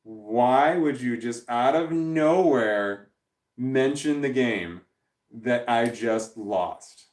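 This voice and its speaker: A man's voice: medium pitch, extremely slow, a little mellow. Rambling man live-streaming in an echoey room. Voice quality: voice cracks when tired. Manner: rambling, reads chat messages aloud and laughs often. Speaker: live-stream host reading chat. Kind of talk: casual live-stream chat. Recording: echoey room, distant from the mic.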